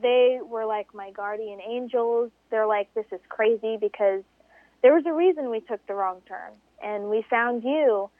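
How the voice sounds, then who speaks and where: A woman guest recounting a desert race story, animated and acting out the voices of people she quotes. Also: measured pace. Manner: animated, acts out quoted voices with big pitch jumps. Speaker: interview guest, desert racer. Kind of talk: storytelling in conversation. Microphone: phone. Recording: tinny phone line.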